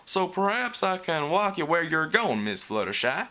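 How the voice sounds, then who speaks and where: A man voicing a big, easygoing country stallion with a slow rural drawl. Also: a little high, sing-song, bright, forceful tone, pitched above the performer's own voice.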